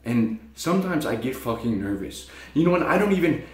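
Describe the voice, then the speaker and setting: A man's voice: mid-range voice, brisk. A young man giving blunt, profane motivational talk in a casual self-help vlog. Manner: blunt, profane, animated storytelling. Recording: echoey room.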